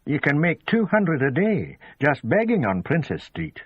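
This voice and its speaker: Smug young cop, read by a male narrator, needling and lively; husky, muffled audio. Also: on the high side, a little slow, dry recording, pitched above the performer's own voice, heavily acted. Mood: dismissive. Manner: needling, know-it-all questioning. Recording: dull lo-fi audio.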